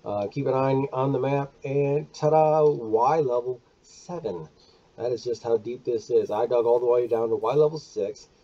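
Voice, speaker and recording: A man talks through a game build in a casual, chatty way, counting out loud and catching his own mistakes. His voice is dark and a little husky. The recording sounds dull and lo-fi. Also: mid-range voice, moderate pace. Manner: chatty, counts aloud, corrects himself. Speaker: gaming video creator. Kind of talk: casual gameplay walkthrough.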